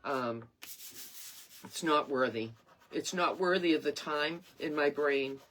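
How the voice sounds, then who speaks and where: A woman's voice: low voice, slow, a bit bright. A woman in her sixties hosting her craft page live, chatting in a rambling, earnest and emotional way. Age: 60s. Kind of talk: casual live-stream chat.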